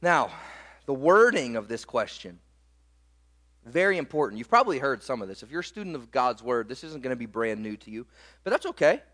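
A man preaching a sermon as pastor, swelling into emphatic, repeated rhetorical questions and dropping into quick asides. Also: medium pitch, very animated, fairly bright tone.

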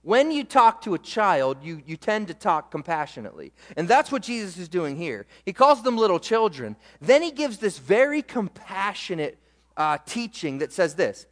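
A young man preaching a sermon as pastor, animated and emphatic, repeating words for weight. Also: high voice, normal speed. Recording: echoey hall reverb.

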